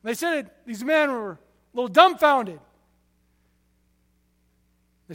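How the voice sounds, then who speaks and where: A man preaching a sermon, telling stories with passion, his loudness rising and falling sharply. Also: very high voice, big pitch swings, measured pace, pauses often, big-room sound.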